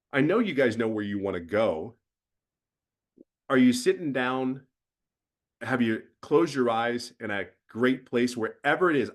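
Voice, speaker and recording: A middle-aged man giving a blunt, preachy motivational mentoring talk as guest host, with emphatic bursts. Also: medium pitch.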